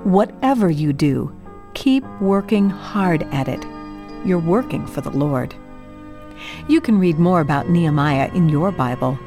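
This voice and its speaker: Expressive woman reading a children's Bible story. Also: sits low, measured pace, music in the background. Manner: expressive, cheerful, addresses young listeners.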